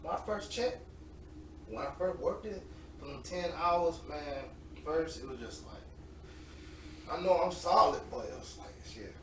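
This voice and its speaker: A man in his late twenties, an interview guest, telling animated, slangy stories and laughing often. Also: a little high, a little slow, pauses often. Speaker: interview guest, semi-pro football player. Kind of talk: casual storytelling. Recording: roomy, distant mic with faint noise.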